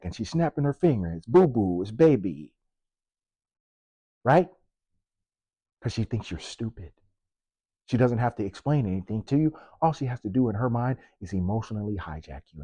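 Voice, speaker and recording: A man's voice: fairly low pitch, mellow, slightly rough, dry recording. A man who works as a police officer, giving impassioned political commentary with punchy rhetorical questions and sarcasm.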